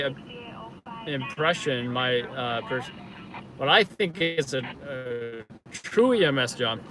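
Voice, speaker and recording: A man's voice: mid-range voice, poor audio. A man hosting a casual live stream from inside a car, rambling with many fillers as he answers viewers. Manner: rambling, filler-heavy, self-correcting. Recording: car and street noise.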